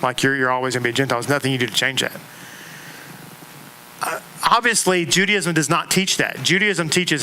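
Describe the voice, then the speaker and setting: A middle-aged man teaching a class to a congregation in a synagogue classroom, speaking in an animated way, repeating words and making asides and jokes to the room. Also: mid-range voice, fairly quick, pauses often, slight background noise, poor audio.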